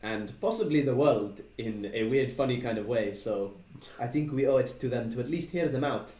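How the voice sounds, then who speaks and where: A man role-playing his character in a tabletop game, speaking in a formal, measured way. His voice sits at an ordinary middle pitch. The room around him is echoey. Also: lively intonation, darkish tone, recorded from a distance. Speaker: player.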